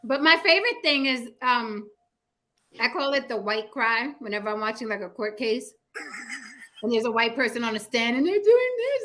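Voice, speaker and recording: A woman hosting a casual chat, talking animatedly and mimicking fake crying with high squeals. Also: lively intonation, normal speed, sharp tone. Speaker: podcast host.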